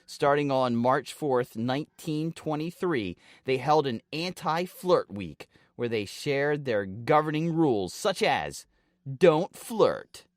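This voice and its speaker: A man's voice: medium pitch, lively intonation, unhurried, hardly any pauses, no echo, studio quality. A man co-hosting a comedy podcast, chatting loosely with a lot of swearing and laughing, and reading out a trivia segment. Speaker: podcast co-host. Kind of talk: casual comedic chat.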